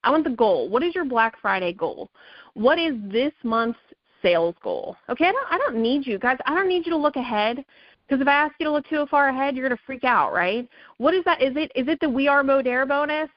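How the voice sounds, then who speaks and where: A woman's voice: high-pitched, expressive, fairly quick, no echo, highs cut off. A woman leading a sales team call, giving an emphatic motivational talk that keeps coming back to okay and right. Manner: emphatic, repetitive, pep-talk, says okay and right a lot.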